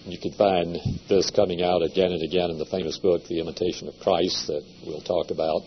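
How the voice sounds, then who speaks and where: A man giving a seminary lecture in a measured, deliberate way, with occasional hesitations. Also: sits low, little pitch movement. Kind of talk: classroom lecture. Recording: dull lo-fi lecture recording with faint hum.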